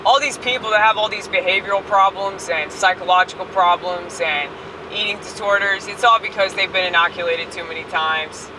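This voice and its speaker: A woman's voice: mid-range voice, fairly quick, far from the mic, background noise. A woman ranting crudely while driving and filming herself on a phone. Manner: brash, profane, rambling. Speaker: online comedian. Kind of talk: casual driving vlog rant. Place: inside a moving car. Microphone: phone camera held while driving.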